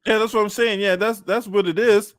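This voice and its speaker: High-voiced taunting male sports host. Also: steady tone, a little fast, a bit bright, no room sound, clean studio sound. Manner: confrontational, profane, taunting. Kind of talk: casual sports talk.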